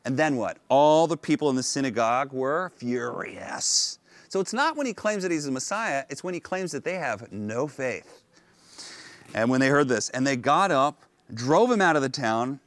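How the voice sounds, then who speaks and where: Pastor, male, lively storyteller, dry close sound, mid-pitched voice. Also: no echo. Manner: animated storytelling, acting out characters' lines. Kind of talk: sermon retelling a Bible story. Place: outdoors on location.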